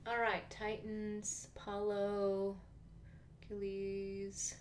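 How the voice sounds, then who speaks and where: A woman's voice: medium pitch, monotone, very slow, slight background noise. A woman casually chatting while she plays a video game, playful and reactive. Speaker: gameplay host. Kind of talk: casual chat over gameplay.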